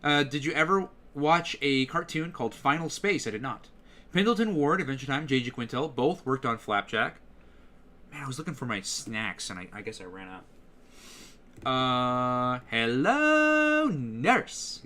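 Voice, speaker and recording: A man's voice: mid-range voice, normal speed. A man, a voice actor, chatting casually while streaming a game and demonstrating voices. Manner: animated, slips into voices to demonstrate.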